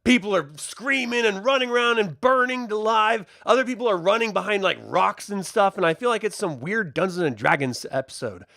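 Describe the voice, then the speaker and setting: A man's voice: high-pitched, a little fast, gravelly, few pauses, dry recording, studio quality. A man casually reviewing a TV episode, rambling and joking as he recaps. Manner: jokey, rambling, animated.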